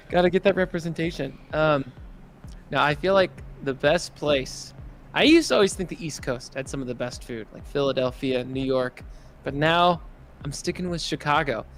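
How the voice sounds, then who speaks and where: A man's voice: a little high, big pitch swings, measured pace, pauses often, soft background music. A man co-hosting a live call-in show, telling long, easygoing anecdotes with the odd laugh. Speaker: co-host.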